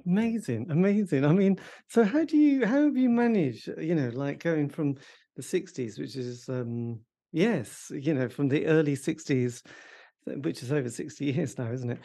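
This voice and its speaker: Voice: medium pitch, expressive, moderate pace, mellow. An interviewer asks questions in a chatty way, often ending them with tag questions. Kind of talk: casual interview.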